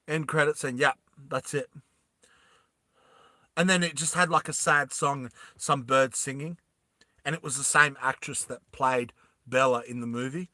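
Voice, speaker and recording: A man casually retelling a movie plot, animated and rambling, often laughing. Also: medium pitch, unhurried, pauses often, dry recording, studio quality. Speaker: storyteller.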